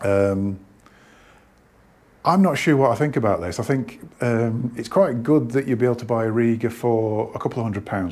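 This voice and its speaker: Casual male vlogger, out of breath, low husky voice, hesitant and rambling. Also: darkish tone. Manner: rambling, hesitant, many restarts. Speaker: hi-fi shop owner. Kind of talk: casual product talk to camera.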